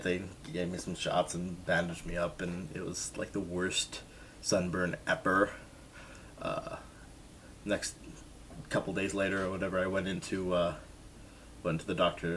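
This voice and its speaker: Deep-voiced man telling a jokey story. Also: a little hiss or hum. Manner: jokey, self-mocking, lively retelling. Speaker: vlogger. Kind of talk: casual storytelling to camera.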